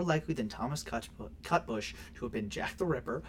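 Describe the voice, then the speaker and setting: A man co-hosting a casual podcast, reading notes aloud and bursting into loud profane outbursts. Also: on the high side, animated, fairly quick, hardly any pauses, a little hiss or hum. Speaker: podcast co-host.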